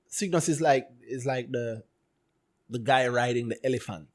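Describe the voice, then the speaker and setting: A man co-hosting a casual podcast about stock earnings, talking in an animated, joking way. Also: medium pitch, unhurried. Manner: animated, joking, playful storytelling. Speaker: podcast co-host.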